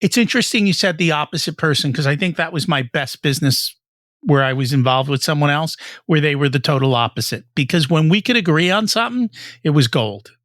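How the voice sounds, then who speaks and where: A man hosts a business podcast, his voice slightly high and recorded close and dry. He reflects and asks his questions in a measured, conversational way. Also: expressive, a bit bright, no echo. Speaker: podcast host. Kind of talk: conversational interview.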